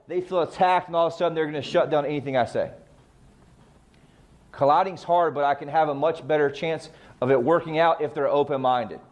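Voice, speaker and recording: A middle-aged man leads a real estate training session, his voice sitting a little high for a man. He talks straight to the group, tossing out rhetorical questions and answering them himself. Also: darkish tone. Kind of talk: training talk.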